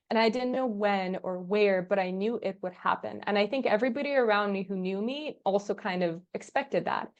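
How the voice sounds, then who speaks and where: A young woman, a podcast guest, chatting casually and telling lively stories, acting out the dialogue and laughing often. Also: medium pitch. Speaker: podcast guest, agency founder. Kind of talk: casual interview chat.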